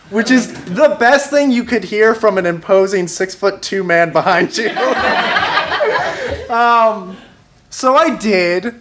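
On stage at a live show, a young man tells a funny personal story, wry and self-mocking, chuckling along the way. His voice sits high with a fairly bright tone.

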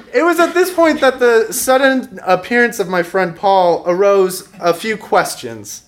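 A man's voice: sits high, expressive, a little slow, few pauses. A young man telling a funny personal story on stage, wry and self-mocking, chuckling as he goes. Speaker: storyteller at a live show. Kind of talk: live comic storytelling.

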